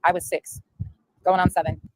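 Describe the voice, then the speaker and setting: A woman's voice: fairly low pitch, flat delivery, no echo, rough recording. A woman streamer ranting bluntly on a livestream, swearing heavily. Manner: fast, blunt, heavy swearing. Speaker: streamer in the reviewed clip. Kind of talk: livestream rant.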